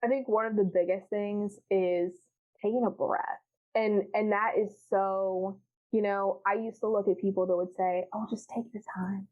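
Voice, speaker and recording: A woman's voice: medium pitch, steady tone, moderate pace. A woman chatting candidly as a podcast guest, frank and profane, laughing often and acting out her past self. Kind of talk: candid casual chat. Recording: tinny phone-like line.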